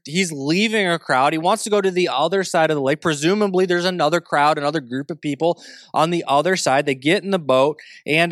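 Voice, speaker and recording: A man delivers a sermon in a plain-spoken, chatty manner. His voice sits slightly high for a man. The recording is dry and close, with little room sound. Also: fairly bright tone, no echo. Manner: conversational, plain-spoken preaching. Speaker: pastor.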